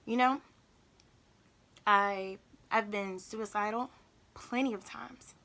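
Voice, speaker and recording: A young woman talking openly in a personal vlog, halting and emotional, often repeating herself. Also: medium pitch, fairly even intonation, bright, forceful tone. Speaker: vlogger.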